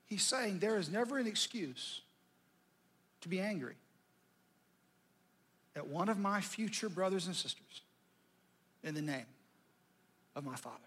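Brief: middle-aged male pastor, dramatic sermon style, high voice with a husky grain. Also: expressive, measured pace, long pauses. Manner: conversational, dramatic, swinging from loud to near-whisper.

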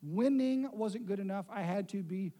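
Brief: middle-aged male pastor, high pitch, mellow tone, storytelling sermon with light humor. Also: normal speed. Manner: storytelling, self-deprecating humor.

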